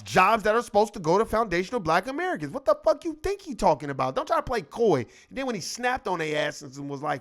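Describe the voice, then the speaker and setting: A man with a notably high voice delivers a heated, profane political rant on his own show. He mocks the people he talks about by acting out their lines in quick asides. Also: big pitch swings, fairly bright tone. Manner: profane, heated, mocking, acts out quotes. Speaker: show host.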